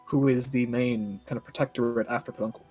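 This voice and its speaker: A man runs a tabletop game, narrating the world with a loose, easygoing delivery and frequent laughs. His voice is a little husky, sits at an ordinary pitch, and has faint music playing underneath. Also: fairly even intonation, fast, darkish tone. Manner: laid-back, laughing often. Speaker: game master.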